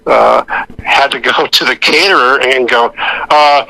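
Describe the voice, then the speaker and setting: A man's voice: medium pitch, measured pace, gravelly, sharp tone, no echo, poor audio. An older man, an actor guest on a radio interview, telling rambling anecdotes full of restarts and acting out the voices of the people he quotes. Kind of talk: anecdotal storytelling.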